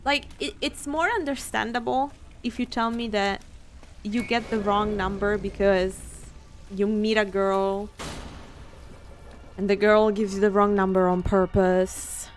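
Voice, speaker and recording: A woman's voice: medium pitch, unhurried, faint music behind. Laughing, swearing woman streamer. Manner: laughs often, swears freely, animated storytelling. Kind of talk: casual chat while playing a game.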